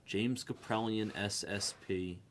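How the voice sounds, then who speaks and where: Guy doing a card break stream, fairly low voice, reads off cards and talks to the chat, faint hiss behind. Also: steady tone, slow. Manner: rattles off player names and card types, chatting to viewers. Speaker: sports card break host. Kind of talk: live card break call-outs.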